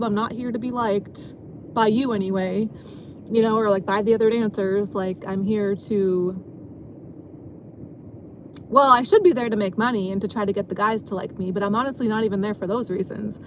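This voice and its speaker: A woman's voice: mid-range voice, normal speed, slight background noise. A woman vlogger rambling casually from her car, self-deprecating and laughing often. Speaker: vlogger and dancer. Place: parked car.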